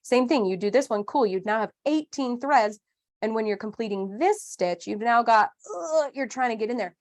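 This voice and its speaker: A woman's voice: a little high, expressive, normal speed. A woman in her thirties teaching a live online craft class, chatty and upbeat with playful asides.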